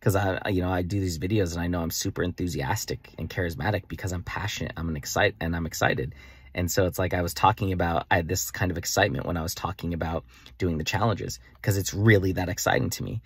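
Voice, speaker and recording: A young man talking excitedly in a rambling daily vlog about his faith coaching plans, full of "like" fillers. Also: low-pitched, fast talker, breathy edge, no room sound, clean studio sound. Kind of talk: enthusiastic daily vlog monologue.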